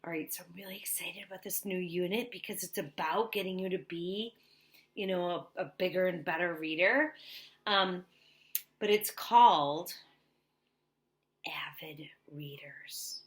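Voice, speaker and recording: A young woman teaching an online reading lesson to young children, animated and sing-song. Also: lowish voice, normal speed. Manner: animated, sing-song, talking to little kids.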